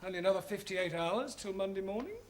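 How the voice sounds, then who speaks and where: An actor playing a mild, apologetic English teacher who speaks politely and hesitantly in a 1970s TV sitcom. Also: male voice, high voice, fast, lightly acted. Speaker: evening class teacher. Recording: noisy old TV broadcast.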